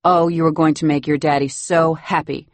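A woman voicing a cool, proper wealthy mother who talks briskly and politely. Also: low-pitched, steady tone, dry recording, close to an everyday voice. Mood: prim.

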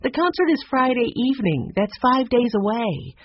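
An eager, cheerful orchestra hostess speaks a bit higher and livelier than the narration, gushing and reassuring, as a storybook reader puts her on. The husky voice swings widely in pitch, and the recording sounds dull and dry. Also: big pitch swings, moderate pace, dry recording, exaggerated voice. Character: cheerful, fussing female orchestra host.

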